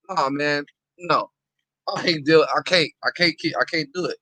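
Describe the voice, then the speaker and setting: A man talking casually in a conversation, animated and repetitive with street slang. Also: a little high, normal speed, no room sound.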